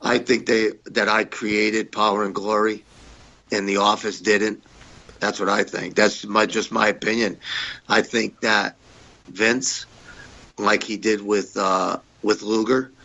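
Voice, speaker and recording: A man's voice: fairly low pitch, flat delivery, unhurried, sharp tone, dull audio. A man guest on a podcast, rambling through stories in a casual, profane way and repeating himself. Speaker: podcast guest, former wrestler. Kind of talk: casual storytelling interview.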